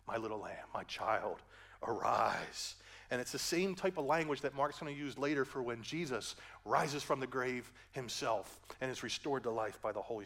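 An older man preaching a sermon as pastor, moving between hushed gentle passages and loud rising climaxes, with folksy asides. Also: mid-range voice.

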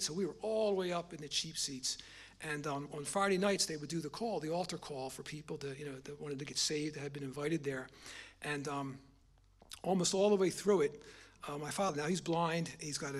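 A middle-aged man preaching a personal testimony sermon, halting and repeating his words, rising in volume on key points. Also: fairly high pitch, slightly rough.

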